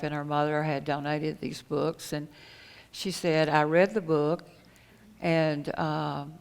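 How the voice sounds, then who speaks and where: Middle-aged woman w a low voice telling her story on stage, earnest n halting, echoey hall. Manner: earnest, halting, retells conversations. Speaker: conference speaker. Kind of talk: personal storytelling talk. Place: conference hall. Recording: echoey hall with long reverb.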